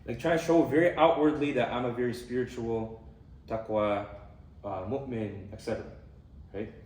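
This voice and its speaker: A young man giving a casual talk on a hadith, explaining in a relaxed way with fillers and Arabic terms. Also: medium pitch, moderate pace. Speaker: student speaker on hadith. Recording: echoey room from far off.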